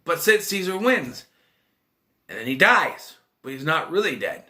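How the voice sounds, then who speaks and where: A man casually recapping a film plot in a rambling, animated way, acting out his own reactions. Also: fairly high pitch, a little slow. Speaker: movie reviewer.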